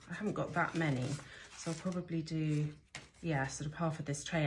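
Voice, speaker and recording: Low-voiced woman chatting through a gardening demo. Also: a little hiss or hum. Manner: chatty, rambling, frequent ums and restarts. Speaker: gardener demonstrating seed sowing. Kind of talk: casual how-to chat. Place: indoors, sheltering from a rainstorm.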